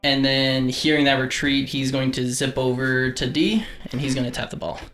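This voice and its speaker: A man's voice: mid-range voice, steady tone, normal speed, fairly bright tone, soft background music. A man playing a tabletop game, methodically describing his characters' moves and politely correcting himself. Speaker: player.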